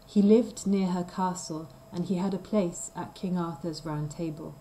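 A woman reading a simple story aloud for language learners, slow and clear. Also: fairly low pitch, fairly even intonation, dark tone, a little hiss or hum, poor audio. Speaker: reader of a graded story. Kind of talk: scripted storybook narration for learners.

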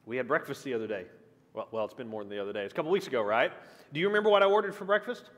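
Lively man teaching in a reverberant hall. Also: medium pitch, rapid-fire. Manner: asks the class questions, lively, shifting emphasis. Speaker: pastor teaching a church class. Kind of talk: conversational Bible teaching. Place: church meeting room.

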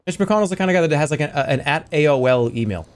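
A man's voice: a little high, expressive, fast. Jokey, rambling male streamer. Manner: jokey, rambling, slips into silly voices. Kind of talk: casual livestream chat while gaming.

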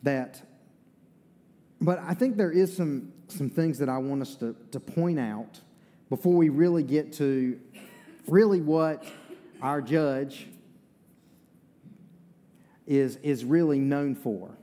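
Folksy Eastern North Carolina preacher. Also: male voice, a little high, slow, pauses often, mellow. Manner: folksy, conversational preaching with asides. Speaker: pastor. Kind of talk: sermon. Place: church sanctuary. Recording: long reverb of a church hall.

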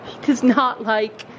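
A woman's voice: fairly high pitch, muffled recording, noisy background. A middle-aged woman chatting casually to her viewers at a horse barn, cooing soothingly to the horses between remarks. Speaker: vlogger, mother at a horse barn. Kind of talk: casual family vlog chat.

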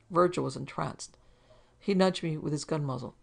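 A woman's voice: deep voice, moderate pace, creaky, soft background music. A woman narrating a hard-boiled detective story in a dramatic storytelling manner. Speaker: narrator and producer. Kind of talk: scripted audiobook narration.

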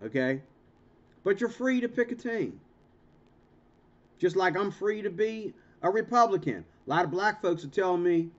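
Vlog host, male, high-pitched, confrontational and emphatic; muffled lo-fi recording. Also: animated, normal speed. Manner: emphatic, repetitive, stammering restarts; confrontational, ranting. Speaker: channel host. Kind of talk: monologue commentary vlog. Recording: dull lo-fi recording.

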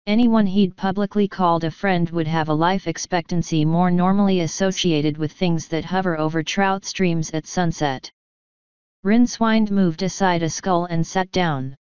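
A woman reading a comic fantasy audiobook in a steady, wry storytelling manner. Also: lowish voice, smooth, dry recording, muffled recording. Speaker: audiobook reader. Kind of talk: audiobook narration.

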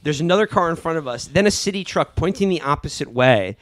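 A man from New York hosting a casual podcast, telling stories in an animated way and acting out quotes. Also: a little high, quick pace. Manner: animated storyteller, acts out quotes, laughs a lot. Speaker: podcast host. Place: rented place in a city neighborhood.

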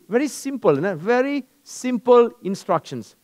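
A male pastor preaching a sermon in an animated, storytelling way. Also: high-pitched, normal speed. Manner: animated, storytelling, acts out dialogues.

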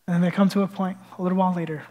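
A man preaching a sermon as pastor, retelling a story in an animated, conversational way. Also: high voice, racing, lo-fi sound. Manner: animated storytelling, swinging between hushed and loud.

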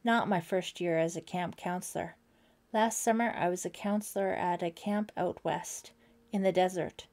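A woman voicing a friendly young male camp counselor with a gentle, reassuring manner. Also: fairly low pitch, steady tone, normal speed, lightly acted. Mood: kind.

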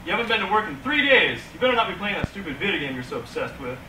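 A man's voice: sits high, sing-song, rapid-fire, voice pushed up. A man voicing a bossy male boss leaving a threatening answering-machine message, recorded from far off in an echoey, noisy room. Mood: scolding. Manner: scolding, threatening.

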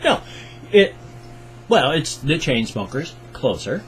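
A man's voice: on the high side, sing-song, slow pace, pauses often, fairly bright tone, slight background noise, poor audio. An older American man hosting his reaction video, rambling in a folksy, self-deprecating, chatty way. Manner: folksy, self-deprecating, talkative, mock-sing-song bits. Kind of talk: rambling casual vlog intro.

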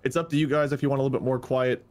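A man co-hosting a casual gaming podcast, explaining things quickly to the others. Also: mid-range voice, level tone. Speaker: podcast co-host. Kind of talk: casual chat while gaming.

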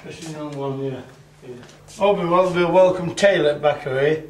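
With a slightly high voice at a moderate pace, a tribute band singer rambles through an earthy, casual anecdote. He drops swear words and mimics what people told him, recorded on location with lots of noise.

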